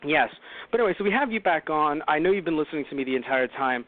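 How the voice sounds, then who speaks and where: A man's voice: fairly high pitch, animated, quick pace. Rambling male podcast host on a tinny line. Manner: rambling, self-correcting, wry. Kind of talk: casual movie review chat. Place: home. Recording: tinny phone-line call-in audio.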